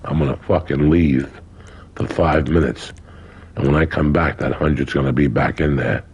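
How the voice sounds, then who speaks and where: A man's voice: rumbling low, steady tone, normal speed, darkish tone, husky, low-quality recording. An older man telling stories in a casual interview, colorful and profane, acting out other people's lines. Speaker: guest. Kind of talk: casual storytelling.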